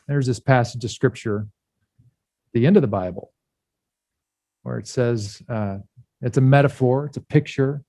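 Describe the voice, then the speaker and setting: A male pastor giving a candid sermon, speaking with pauses and restarts. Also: medium pitch, mellow, dry recording. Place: church.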